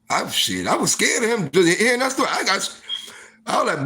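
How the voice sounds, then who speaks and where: An animated man spins a casual story straight to the camera, his pitch sitting a touch high and leaping all over the place. He talks loosely and profanely, leaning on "like" and "you know" as he goes. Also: fairly quick. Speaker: storytime vlogger.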